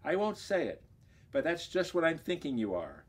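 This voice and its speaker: A man's voice: fairly high pitch, wildly swooping pitch, moderate pace, husky, pitched above the performer's own voice, heavily acted. A man voicing a smug male company president, polite but condescending.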